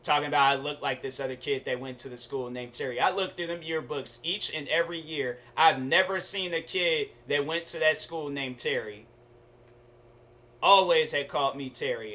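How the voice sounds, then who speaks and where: A young man streaming a game, chatting casually with viewers and telling stories in relaxed slang. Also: fairly high pitch, normal speed. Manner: laid-back, chatty, storytelling with slang. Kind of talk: casual gaming stream chat.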